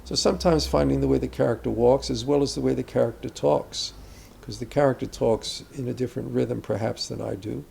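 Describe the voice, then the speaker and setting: A man's voice: mid-range voice, steady tone, a little fast, gravelly, few pauses, mellow, a little hiss or hum. An older man, an acting teacher, speaking reflectively about character in a conversational interview, rambling with asides and restarts.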